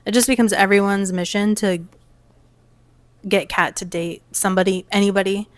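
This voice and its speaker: A woman's voice: mid-range voice, steady tone, moderate pace, no echo. A woman co-hosting a podcast in casual chat, agreeing readily and chiming in to back up her co-host. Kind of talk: casual chat recapping a movie.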